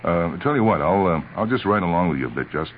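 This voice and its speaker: A man voicing a brash, excitable male bike shop partner who blusters loudly, on a tinny old radio recording. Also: sits low, fast talker, a little hiss or hum, voice pushed up. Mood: eager. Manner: loud, eager, blustering.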